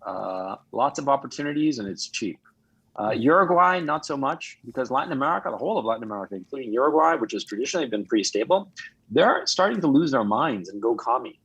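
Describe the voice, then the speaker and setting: A man from Chile, a guest coach on a video call, speaking in a measured way with frequent fillers and restarts. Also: mid-range voice, big pitch swings, gravelly, fairly bright tone, breathy edge, no room sound, poor audio. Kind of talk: casual chat.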